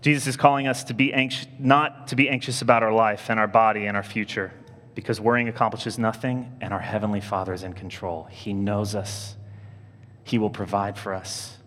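A man, a priest, preaching a sermon in a casual, animated storytelling way, with his voice jumping up when he acts out other people. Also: lowish voice, normal speed, long reverb tail. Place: church.

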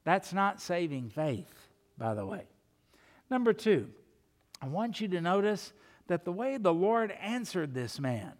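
High-voiced pastor preaching emphatically. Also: male voice, big-room sound. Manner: emphatic preaching with rhetorical questions. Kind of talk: sermon.

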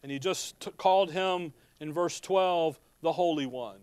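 A man preaching a passionate sermon. He swings from quiet asides to loud, urgent cries and often stops mid-phrase to look up chapter and verse. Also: on the high side, unhurried, smooth, dry recording.

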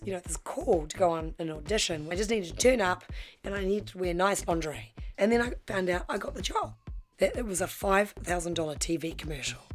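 A middle-aged woman, telling her own life story frankly and acting out the voices in it. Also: medium pitch. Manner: frank, animated, acts out quoted voices. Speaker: guest storyteller. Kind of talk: personal storytelling.

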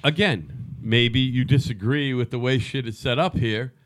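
A man's voice: medium pitch, unhurried, a bit bright, no echo. A man co-hosting a podcast in casual political chat, emphatic, repeating his points and swearing often. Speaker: podcast co-host.

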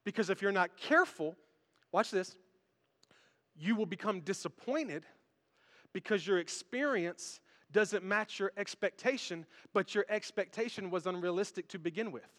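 Brief: bright, high-pitched pastor, animated sermon, long church reverb. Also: male voice, moderate pace. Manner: animated storytelling, direct address to the congregation. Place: large church hall.

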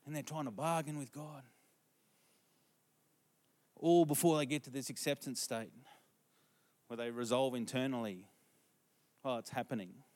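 A man's voice: medium pitch, fairly even intonation, moderate pace, pauses often, a little mellow. A middle-aged man preaching a storytelling sermon, conversational and asking the congregation questions.

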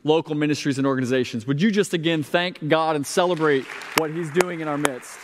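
A man's voice: fairly high pitch, a little fast, over a noisy crowd, very noisy. A man preaching a sermon as pastor, in a conversational, lightly humorous manner. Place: church sanctuary. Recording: long reverb of a large hall.

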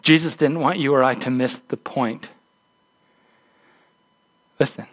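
A man's voice: medium pitch, unhurried, long pauses. A man, a pastor, preaching a conversational, emphatic sermon, often restarting his words.

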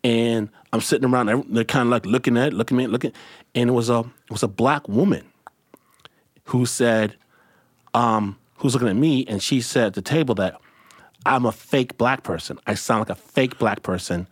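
A man hosting a casual roundtable chat, speaking reflectively and haltingly with many restarts. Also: mid-range voice, husky, dry recording, studio quality. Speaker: host.

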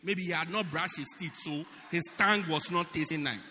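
A man preaching a humorous sermon, acting out stories and shouting the punchlines. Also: fairly high pitch, brisk, in a large hall, slight background noise. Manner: animated storytelling, laughing and shouting punchlines. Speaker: pastor.

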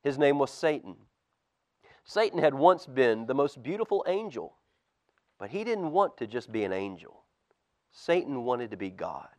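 A man, a pastor, reading a storybook aloud to children in church with expressive, animated storytelling. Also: medium pitch, moderate pace, pauses often. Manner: expressive storytelling, lively swings in loudness.

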